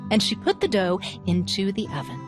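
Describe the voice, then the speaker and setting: A woman teaching and reading children's stories aloud, expressive and asking the listeners questions. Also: mid-range voice, a little fast, music in the background. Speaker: storyteller teacher. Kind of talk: children's story reading and lesson.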